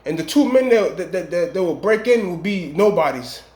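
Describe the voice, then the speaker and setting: A man's voice: sits high, expressive, moderate pace, darkish tone. A man telling a long dream story in casual, rambling street slang with emphatic warnings. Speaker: vlogger. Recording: echoey room.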